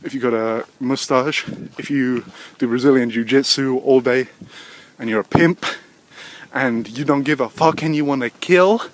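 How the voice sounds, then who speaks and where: A man in his thirties hosting a rambling solo podcast, swearing constantly, drifting between low mutters and sudden loud outbursts. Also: normal speed. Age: 30s. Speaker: podcast host. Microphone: desk microphone.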